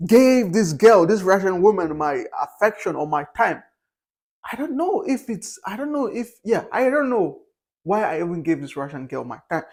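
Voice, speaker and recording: High-voiced man rambling casually. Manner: candid, rambling, with frequent fillers and restarts. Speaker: vlogger. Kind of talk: casual opinion monologue.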